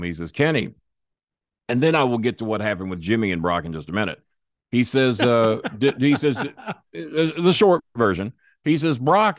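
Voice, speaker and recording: Profane storytelling man, low dry voice. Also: dry recording. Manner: profane, animated, acts out quoted voices. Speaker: guest storyteller. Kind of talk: casual storytelling interview.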